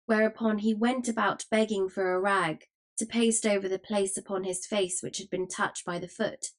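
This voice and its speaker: A woman narrates a classic novel in a measured, scripted storytelling voice. Her pitch sits comfortably in the middle range. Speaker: audiobook narrator.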